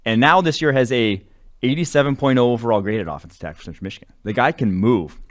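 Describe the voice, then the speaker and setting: A man's voice: mid-range voice, fast talker. A man co-hosting a football draft podcast, talking in a rambling, casual way full of fillers and self-corrections. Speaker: draft analyst co-host. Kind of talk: casual sports analysis chat.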